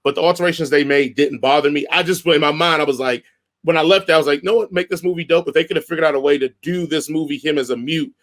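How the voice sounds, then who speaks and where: Animated rambling man reviewing a movie. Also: on the high side. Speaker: podcast co-host. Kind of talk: casual movie review chat.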